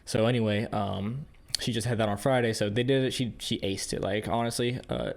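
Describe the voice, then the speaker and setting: A young man co-hosting a podcast, telling a story in casual chat, animated and quick to laugh as he acts out quotes. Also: fairly low pitch, creaky. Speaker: podcast co-host, police field training officer.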